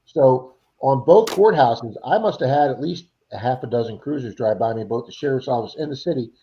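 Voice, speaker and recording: A man's voice: mid-range voice, brisk. Chatty storytelling man on lo-fi stream. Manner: animated storyteller, acts out quoted voices. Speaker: livestream host. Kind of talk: casual chat. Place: Florida.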